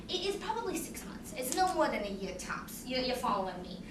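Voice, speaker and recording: A woman's voice: sits high, roomy sound, distant mic, noisy background. A woman voicing a coaxing, condescending female recruiter who calls people honey.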